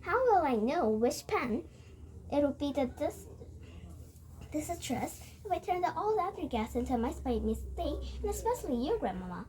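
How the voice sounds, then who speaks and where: A woman's voice: high voice, very animated, normal speed, darkish tone, a little hiss or hum. A woman reading as an eager boy-turned-mouse. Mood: earnest.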